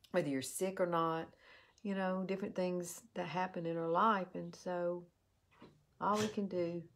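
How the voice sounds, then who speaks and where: A woman tells a heartfelt personal story while doing a makeup tutorial, in an earnest, halting way. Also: sits low. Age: 50s. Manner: earnest and heartfelt, with halting restarts and soft drop-offs. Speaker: beauty vlogger.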